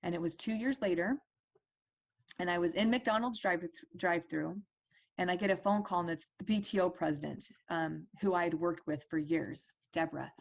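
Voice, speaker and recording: A woman's voice: lowish voice, moderate pace, gravelly. A woman in her forties telling a personal story as a parent advocate, earnest and conversational with fillers and restarts.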